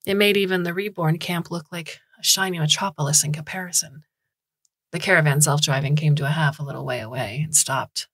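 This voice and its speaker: Low, husky woman narrating a story. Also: steady tone, a little fast, fairly bright tone, no room sound. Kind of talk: scripted audiobook narration.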